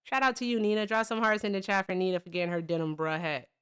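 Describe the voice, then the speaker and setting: A woman in her thirties hosting a live call-in stream, chatting casually and bluntly, swearing freely and giving viewers shout-outs. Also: mid-range voice, steady tone, fast, clean tone.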